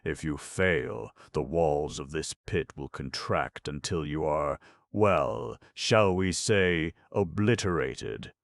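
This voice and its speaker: A man voicing a heartless male wizard king in a storybook, slow, sneering and mocking. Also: extremely low pitch, dry recording, full character voice.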